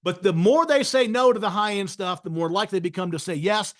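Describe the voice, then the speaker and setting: Male sales trainer, higher-pitched voice, emphatic masterclass delivery with constant check-ins. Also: fast. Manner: emphatic, frequently tags points with "right?". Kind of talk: webinar masterclass talk.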